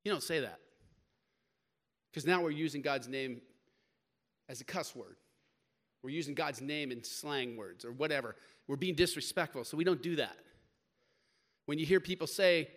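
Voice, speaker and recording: A man delivering a sermon in a high, bright voice. He preaches emphatically, pushing hard on key words and then dropping low and quiet, mixing scripture with casual slang. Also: moderate pace. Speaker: pastor.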